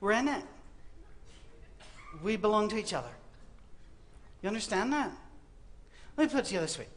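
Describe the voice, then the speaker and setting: A man's voice: sits high, moderate pace. A middle-aged man preaching a humorous sermon, telling Bible stories with comic asides and acting out the quotes. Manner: animated storytelling with comic asides and acted-out quotes. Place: university auditorium.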